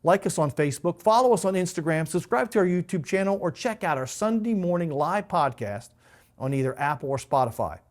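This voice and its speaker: A middle-aged man, a pastor, teaching a Bible lesson in a steady explanatory way, repeating key points. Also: on the high side, brisk.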